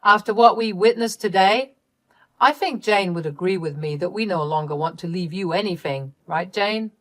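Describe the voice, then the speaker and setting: A woman's voice: fairly low pitch, normal speed, natural voice. A woman voicing a stern father who coldly scolds his daughter in a read-aloud story.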